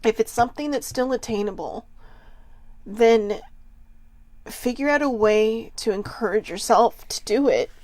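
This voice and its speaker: A woman hosting a self-help talk for viewers, close to tears and speaking haltingly, apologizing with nervous laughs. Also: a little high, a little mellow, no room sound. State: tearful, close to crying. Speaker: host.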